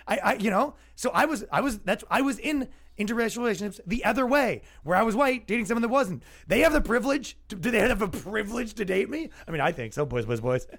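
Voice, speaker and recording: A man's voice: sits high, lively intonation, quick pace, a bit bright. A man hosting a comedy podcast, ranting casually in an exasperated, sarcastic way. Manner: exasperated, sarcastic, acts out quoted voices.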